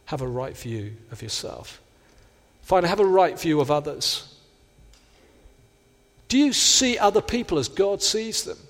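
A man's voice: sits high, a bit bright. A man preaching a sermon, earnest, sometimes acting out quoted inner voices. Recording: long hall reverb.

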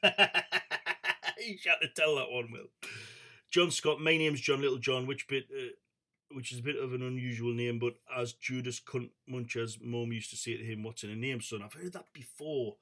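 A man of middling pitch hosts a relaxed comedy session, reading viewers' one-liners aloud. He chuckles often and fills pauses with ums and loose asides. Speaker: comedy show host. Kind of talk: casual chat reading out viewer comments.

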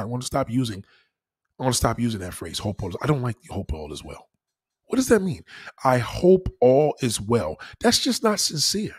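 A man on his own channel, giving casual advice in an animated, preachy way, swearing freely. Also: mid-range voice, breathy edge. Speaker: YouTuber.

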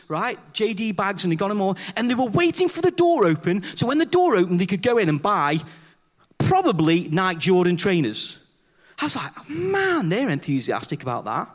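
A man delivers a chatty sermon to a church congregation, joking at his own expense. His voice sits high and swings widely as he acts out little scenes and quizzes the crowd. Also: fairly bright tone. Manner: chatty, self-deprecating, acts out dialogue with the congregation. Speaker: preacher. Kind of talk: conversational sermon with humorous stories.

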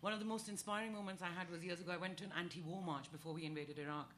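Fast-talking woman on a panel. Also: on the low side, slight background noise. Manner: fast, animated storytelling, acting out voices. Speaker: panel guest. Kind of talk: comedy panel chat.

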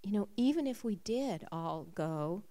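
A gentle husband speaks softly and calmly to his wife, as a woman recalls his words in her own voice. The voice is mid-pitched and hushed, with a patient, unhurried manner.

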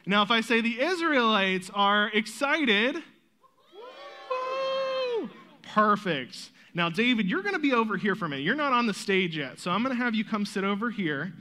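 Bright, high-voiced man leading kids' skit. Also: quick pace, few pauses. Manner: lively storyteller, coaxing and encouraging. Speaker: children's church leader. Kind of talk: leading a Bible story skit with kids. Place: church stage with children.

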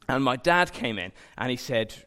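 A man's voice: mid-range voice, lively intonation, normal speed, pushed and bright. A young man giving an informal sermon, chatty and self-deprecating, with jokey asides. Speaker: preacher. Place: church hall. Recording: long hall reverb.

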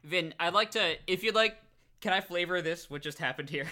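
Bright, wry male tabletop player. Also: sits high, fairly quick. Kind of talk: casual tabletop play.

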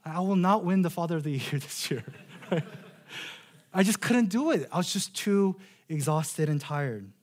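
A man in his thirties preaching a sermon in an earnest way, slowing right down on key phrases and repeating words as he restarts. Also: fairly high pitch, expressive. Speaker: pastor.

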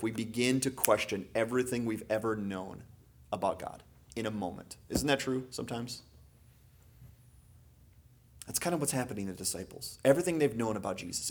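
Male pastor, husky tone, preaching with swings from soft asides to loud emphasis. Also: medium pitch. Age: adult parent. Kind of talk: sermon.

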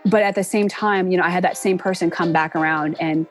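A woman's voice: fairly quick, soft background music. Earnest woman in a reflective interview. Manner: earnest, reflective, acts out quoted speech with lively pitch jumps. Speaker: interview guest, entertainment production professional. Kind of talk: casual interview conversation.

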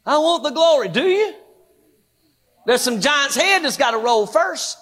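A man preaching a Pentecostal sermon in a church, fervent and rhythmic, building to shouts with repeated phrases. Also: very high-pitched, animated, a little slow, big-room sound. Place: church sanctuary.

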